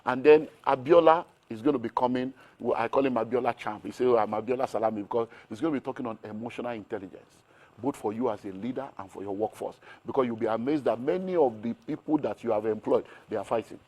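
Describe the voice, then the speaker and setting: Middle-aged Nigerian man, business-mentor guest; rapid and energetic, keeps asking "how do you" questions. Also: medium pitch. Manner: energetic, piles up rhetorical questions. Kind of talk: animated interview talk.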